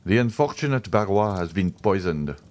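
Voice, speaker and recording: Man playing a solemn doctor, very low voice, measured and deliberate, audiobook. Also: lively intonation, darkish tone. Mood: grave. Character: grave, certain middle-aged male family doctor. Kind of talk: audiobook character voice.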